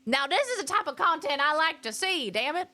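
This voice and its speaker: Young woman, higher-pitched, chatty game streamer who gushes over small things. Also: a little fast. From Australia. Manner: excitable, gushing, chatty with viewers. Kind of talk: casual live-stream chat.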